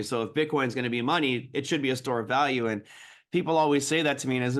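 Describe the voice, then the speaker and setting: A man, a guest trader, explaining markets in an animated, casual way. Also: mid-range voice.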